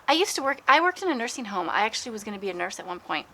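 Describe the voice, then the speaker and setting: A woman's voice: a little high, sing-song, rapid-fire, bright, forceful tone, poor audio. A middle-aged woman giving earnest personal advice to the camera, encouraging and faith-filled, often restarting her phrases. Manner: speaks in short bursts, restarting phrases. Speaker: lifestyle vlogger.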